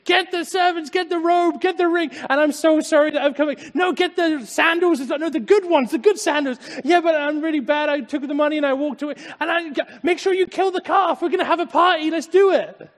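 A man voicing an overjoyed, bustling father and a stammering, apologetic son at once, high and rushed, talking over himself. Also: steady tone. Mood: frantic, overjoyed. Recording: echoey hall.

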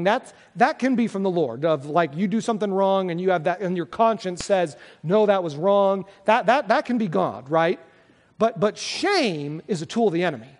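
In a large hall, a pastor with a high-pitched voice delivers a sermon. He sounds earnest and conversational, frequently starting his sentences over.

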